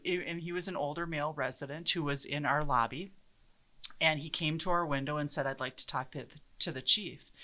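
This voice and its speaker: A woman in her forties, a police chief, telling stories in a passionate, animated way during an interview. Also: sits low. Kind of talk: conversational interview.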